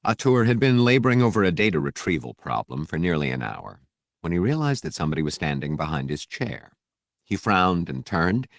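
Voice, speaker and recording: Man, audiobook narrator, very deep voice, steady measured reading, dry close sound. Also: dry recording. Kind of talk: scripted narration.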